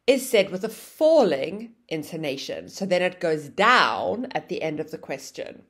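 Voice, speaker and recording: Lively woman teaching English grammar. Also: lowish voice, unhurried, hardly any pauses, slightly rough. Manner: explaining, acts out example phrases with exaggerated intonation. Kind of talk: grammar lesson.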